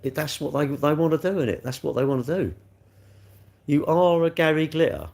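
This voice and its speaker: A man's voice: fairly high pitch, expressive, brisk, a little mellow. A man rambling and joking as he answers chat comments on a live stream. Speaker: livestreamer reading chat.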